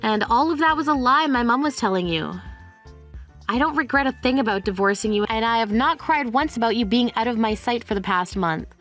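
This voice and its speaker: A woman's voice: on the high side, expressive, a little fast, fairly bright tone, faint music behind. A woman playing a defiant young divorcee. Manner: cold, cutting, firm. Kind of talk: dramatized story voice acting.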